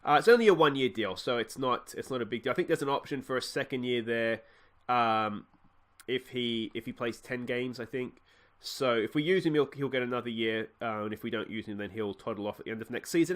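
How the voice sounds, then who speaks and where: A young Australian man with a brisk, mid-range voice provides let's-play commentary for his gaming channel on a football management game. He rambles with fillers and grows exasperated, launching into a mock tirade at his players.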